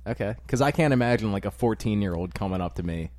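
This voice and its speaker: Young male co-host, blunt and dry, low voice, dead-dry room. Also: animated, fast talker, a little mellow, dry recording. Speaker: podcast co-host. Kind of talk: casual chat.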